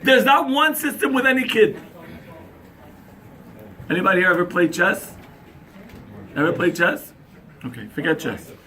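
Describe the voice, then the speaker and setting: Rabbi lecturing a crowd, higher voice, acts out voices. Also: male voice, measured pace, pauses often. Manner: animated storyteller, acts out dialogue, asks the crowd questions. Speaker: rabbi giving a talk on parenting. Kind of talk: lively sermon to an audience.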